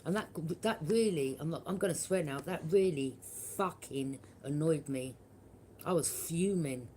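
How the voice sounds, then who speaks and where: A woman's voice: low-pitched, unhurried, darkish tone, a little hiss or hum. A woman giving a collective tarot reading, talking bluntly and forthrightly, swearing freely and often checking with "yeah?". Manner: frequent tag question "yeah?". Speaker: tarot reader.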